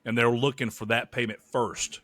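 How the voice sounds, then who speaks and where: A man's voice: medium pitch, normal speed, dry recording. A man co-hosting a podcast, rambling through stories with jokes and cursing. His voice sits in a middle range, recorded close and dry with no room sound. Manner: joking and profane, animated storytelling. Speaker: podcast co-host. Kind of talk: casual chat.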